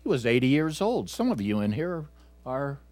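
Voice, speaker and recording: His voice sing-song and his pace moderate, a male preacher addresses his congregation, moving between forceful exhortation and soft, low asides. He speaks casually, with fillers and self-corrections, and the recording is dry.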